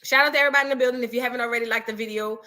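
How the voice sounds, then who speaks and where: A woman's voice: fairly high pitch, steady tone, racing, sharp tone. A woman hosting a casual livestream, chatty and sassy, reading out super chats and thanking viewers. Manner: chatty, sassy, calls viewers girl and boo. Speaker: livestream commentary host.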